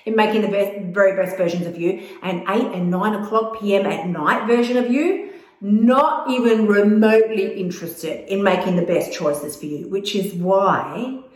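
A woman's voice: mid-range voice, normal speed, darkish tone. A woman coaching viewers on weight loss in blunt, emphatic, casual talk that swears freely. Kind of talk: casual direct-to-camera advice. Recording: echoey room.

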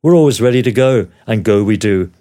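A man's voice: fairly low pitch, animated, fairly quick, warm tone. An older man from Australia, a former TV news producer, reading his memoir aloud with wry, dry humor. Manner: wry, dryly humorous storytelling. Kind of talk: memoir read aloud as narration.

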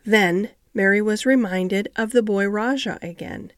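A woman's voice: mid-range voice, measured pace, no room sound. Woman reading a storybook, dry sound. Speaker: audiobook reader. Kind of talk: storybook narration.

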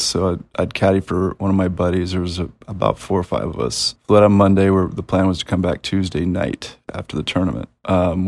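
A man's voice: sits low, a little mellow. A man, a listener, telling a story in a voice message in a wry, matter-of-fact way. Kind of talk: voice-message anecdote.

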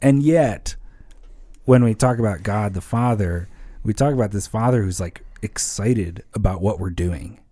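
Animated man explaining songwriting. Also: fairly low pitch, unhurried, no echo. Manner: animated, explains with examples and rhythms. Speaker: church songwriting guest. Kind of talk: casual podcast conversation.

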